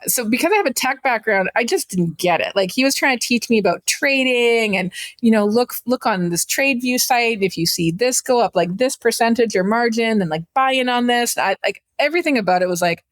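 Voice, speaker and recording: Animated chatty woman telling a story. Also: a little high, fairly quick, hardly any pauses, dry recording. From Canada. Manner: animated, chatty, acts out quoted voices. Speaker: guest entrepreneur. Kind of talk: casual storytelling interview.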